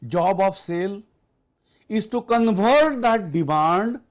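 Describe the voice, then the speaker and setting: Man, lecturer, high-pitched, emphatic, repetitive, rhetorical questions, muffled lo-fi recording. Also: expressive, slow. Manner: emphatic, repeats key points, asks rhetorical questions. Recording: dull lo-fi recording.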